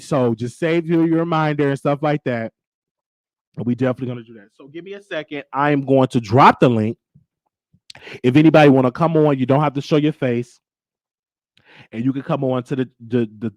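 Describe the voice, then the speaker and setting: A man's voice: on the high side, darkish tone, dry recording. A man who hosts and does comedy, talking casually and sassily to his live-stream viewers, often checking in with "okay?". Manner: sassy, addresses viewers as baby and checks in with okay. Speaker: host and comedian.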